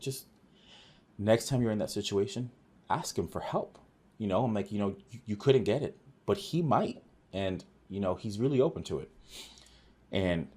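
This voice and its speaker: A man's voice: deep voice, husky. A man who works as an office manager, guesting on a podcast and telling workplace stories in a casual, earnest way, acting out quoted dialogue. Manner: earnest, animated retelling with quoted dialogue and many restarts. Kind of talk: casual conversational storytelling.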